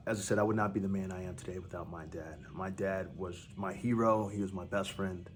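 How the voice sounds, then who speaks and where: A man hosting a podcast, giving a heartfelt spoken tribute in a halting, emotional way with many restarts. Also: deep voice, fairly even intonation, a little hiss or hum. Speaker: podcast host.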